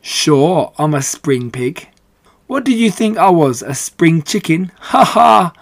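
A man's voice: fairly high pitch, sing-song, takes it slowly, creaky, dry recording, voice pushed up, heavily acted. A man voicing a big, noisy male pig who speaks in a hearty voice and cracks jokes. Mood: jokey. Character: big loud boastful male pig, jokey.

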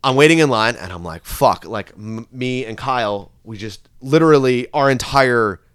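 A man telling a long, profane story on his podcast, animated, with sudden loud rants. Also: mid-range voice, normal speed, clean tone, no echo, studio quality. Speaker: podcast host. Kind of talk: casual storytelling chat.

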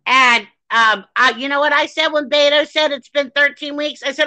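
Woman podcast co-host, angry swearing rant, bright sharp voice, dry close sound. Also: sits high, fairly even intonation, normal speed, hardly any pauses, no echo, poor audio. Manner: furious, swearing, shouting rants; reads a news article aloud.

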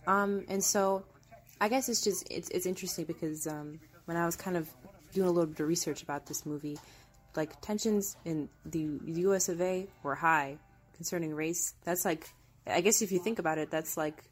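A woman's voice: fairly low pitch, normal speed, soft background music. A young woman giving chatty, casual commentary while watching a movie, using plenty of fillers. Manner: chatty, filler-heavy, animated.

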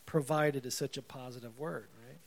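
A man's voice: medium pitch, steady tone, normal speed, vocal fry. A man preaching a sermon in a conversational way, reading scripture aloud with rising emphasis. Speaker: pastor.

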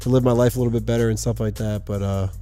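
A young man co-hosting a podcast, chatting loosely and cursing now and then. He talks at a brisk clip in a mellow, relaxed voice, with faint music in the background. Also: lowish voice, clean tone, dry recording. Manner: rambling, swears casually. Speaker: podcast co-host. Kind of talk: casual chat.

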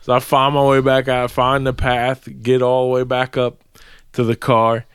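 A man with a smooth, resonant voice telling a rambling, profane story in casual podcast chat. His pitch sits in an ordinary middle range. The sound is dry and close, recorded in a small room. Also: monotone, normal speed, no echo. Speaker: podcast co-host.

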